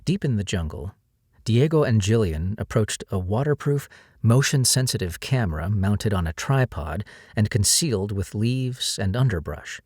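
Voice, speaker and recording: Low-voiced male audiobook narrator. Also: expressive, moderate pace, darkish tone, dry recording, clean studio sound. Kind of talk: scripted narration.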